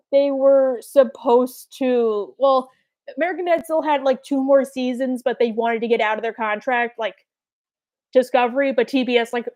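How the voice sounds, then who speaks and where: A woman's voice: fairly high pitch, darkish tone, muffled recording. A young woman chatting casually with fans in a live Q&A, rambling with lots of fillers. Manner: rambling, filler-heavy, quick quoted asides. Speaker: streamer answering fan questions.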